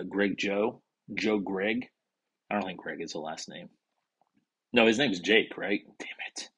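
Husky low-voiced man rambling about fantasy football. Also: fairly bright tone. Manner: rambling, wisecracking, swears under his breath. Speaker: fantasy football league podcast host. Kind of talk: casual solo sports chat.

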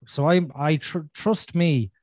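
A man's voice: a little high, takes it slowly, darkish tone, no echo. A man hosting a podcast, talking candidly and bluntly, swearing freely and repeating himself for emphasis. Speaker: podcast host. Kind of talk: candid conversational chat.

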